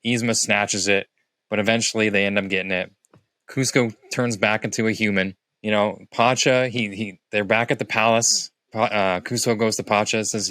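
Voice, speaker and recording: Animated man recapping a film. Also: a little fast, no room sound. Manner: animated, acts out quoted lines in higher voices. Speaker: podcast co-host. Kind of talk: casual movie review chat.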